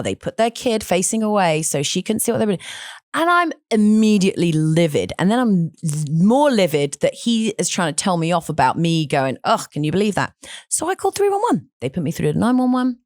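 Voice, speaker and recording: A woman hosting a podcast, telling stories in an animated, outspoken way with frequent restarts. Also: on the low side, no echo, studio quality. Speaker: podcast host. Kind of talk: casual conversational storytelling.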